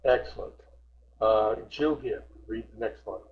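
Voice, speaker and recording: A male English teacher speaks slowly and patiently over a video call, drilling his students on contractions and repeating words until they land. The audio comes through slightly muffled, like a typical online lesson. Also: on the low side. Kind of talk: online group class instruction.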